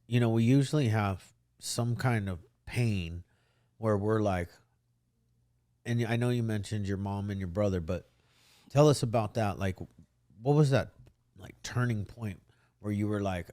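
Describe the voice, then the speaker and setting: Casting: male podcast host, very deep and dark, dry close sound, relaxed prodding questions. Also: normal speed, no echo. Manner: informal, gently probing. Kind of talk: interview questions.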